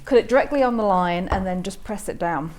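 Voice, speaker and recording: A woman's voice: medium pitch, brisk, darkish tone. A woman guest demonstrating appliqué on a live craft broadcast, explaining each step plainly and practically. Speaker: quilting tutor guest.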